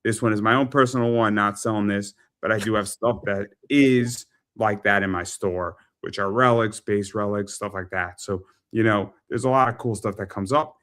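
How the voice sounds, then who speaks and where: Guy hosting a pop culture chat show, lowish voice, rambly and salesy, says stuff twice. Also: normal speed, hardly any pauses, fairly bright tone. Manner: chatty, repeats phrases, salesy plugs. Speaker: podcast host and eBay seller. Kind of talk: casual talk-show chat.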